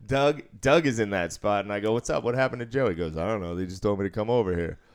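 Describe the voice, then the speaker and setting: A man's voice: fairly low pitch, quick pace, clear, resonant tone. A man who deals craps, telling a casual, profanity-laced story about work and laughing as he goes. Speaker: casino craps dealer.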